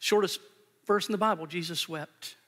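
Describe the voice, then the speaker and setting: A man's voice: high-pitched, moderate pace, bright, forceful tone. A male pastor preaching an earnest, emphatic sermon, repeating phrases for weight, recorded live in a church sanctuary. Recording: long church hall reverb.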